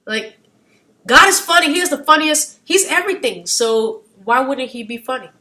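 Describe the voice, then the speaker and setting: A woman vlogger talking casually, wandering off into side rants, losing her train of thought, and getting loud at times. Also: high-pitched, moderate pace. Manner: animated, gets loud at times. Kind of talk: casual rambling monologue.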